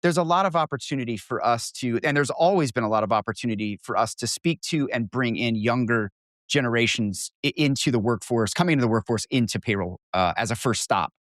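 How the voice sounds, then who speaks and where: A man's voice: mid-range voice, brisk, a bit bright, no echo, studio quality. A man hosting a podcast, chatting enthusiastically and repeating himself often. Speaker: podcast host. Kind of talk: casual interview chat.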